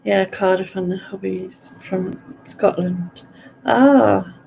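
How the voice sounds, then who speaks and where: Chatty Sunderland woman with gravelly voice. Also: medium pitch, takes it slowly, darkish tone, muffled recording, a little hiss or hum. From North East England. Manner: rambling, giggly, chatty. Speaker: live stream host. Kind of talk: casual chat reading viewer comments.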